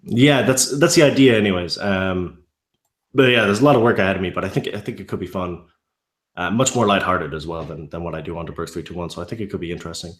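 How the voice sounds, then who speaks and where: A man's voice: low-pitched, fast, roomy sound. A man being interviewed about his online channels, speaking in an easygoing, hesitant way with frequent restarts. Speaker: guest youtuber.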